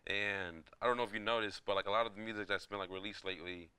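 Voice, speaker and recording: A young man from New York, a DJ guest in a casual interview, loud and laid-back, often saying "you know what I'm saying.". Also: lowish voice, steady tone, quick pace, smooth, no echo.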